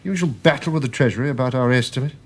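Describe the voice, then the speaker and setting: An actor playing a tired, polite government official exasperated by a family quarrel. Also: male voice, mid-range voice, rapid-fire, slightly rough, close to an everyday voice. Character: weary, upright naval civil servant.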